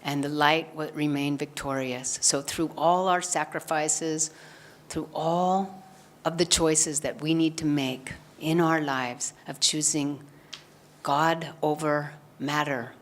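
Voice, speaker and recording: Low-voiced woman giving a spiritual talk. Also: steady tone, slow. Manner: earnest storyteller, acts out quoted lines. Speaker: satsang speaker. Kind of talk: spiritual talk retelling a gospel story.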